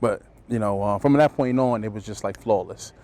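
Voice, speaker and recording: A man, a high school football coach, telling stories in an interview and acting out the quotes with animation. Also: normal speed. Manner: animated storyteller, acts out quotes. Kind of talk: anecdotal interview storytelling.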